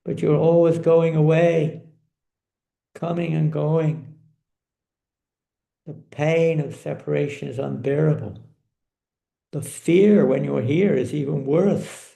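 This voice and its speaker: A man's voice: mid-range voice, a little slow, creaky, dark tone, echoey room. A man voicing a devoted queen who weeps and pleads with her lord, telling a sacred story in a sermon. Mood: pleading. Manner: pleading, tearful. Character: Rukmini, a queen, weeping and devoted.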